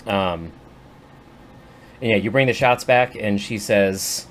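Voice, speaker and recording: A man running a tabletop game as game master, narrating in a relaxed, hesitant way. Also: on the low side, takes it slowly, a little hiss or hum. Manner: relaxed, hesitant, many fillers.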